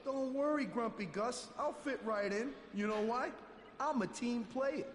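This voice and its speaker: A man's voice: very high-pitched, unhurried, reverberant, big-room sound, slight background noise. An actor playing a cocky male fighter with a Brooklyn accent, wisecracking and brash.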